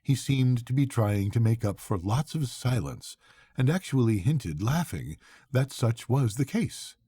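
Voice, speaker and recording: Slow, husky older storytelling man. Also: mid-range voice, dry recording. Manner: unhurried, expressive reading. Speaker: grandfather reading aloud. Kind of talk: bedtime storybook reading.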